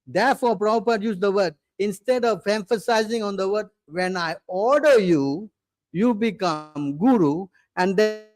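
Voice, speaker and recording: A preacher, a native English speaker with a high-sitting voice at normal speed, leads a scripture class. He's insistent, hammering his points home, constantly questioning his listeners and repeatedly demanding their attention, in a dry recording.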